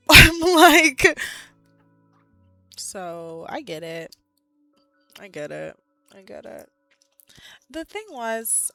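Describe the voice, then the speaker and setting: A young woman in her twenties, a streamer with a rather high voice, has a casual, animated chat with her live chat. She laughs frequently, leans on the word "like," and sounds a bit out of breath.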